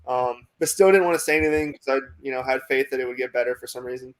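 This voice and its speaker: A young man in his twenties, a pitching prospect, telling a long story in a casual interview, rambling with lots of "like" and "you know" and acting out what coaches said. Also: fast talker. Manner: acts out quoted coaches in dialogue.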